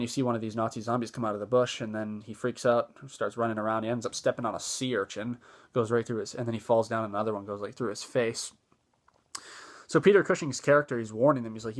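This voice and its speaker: A man giving a casual spoken movie review, easygoing and enthusiastic, with a loose retelling full of fillers and restarts. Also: mid-range voice.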